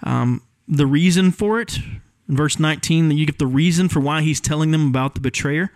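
A man's voice: a little high, brisk, no room sound. A man preaching an expository sermon in a church, explaining the text in an earnest teaching way with frequent ums. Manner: earnest teaching, explains word meanings, many fillers. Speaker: pastor. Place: church sanctuary.

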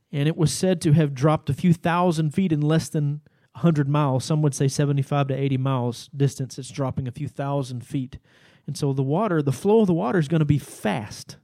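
In this Bible teaching sermon, a pastor with a fairly high voice and a mellow, dark tone explains the text patiently, as if in conversation. The audio is dry and close-miked.

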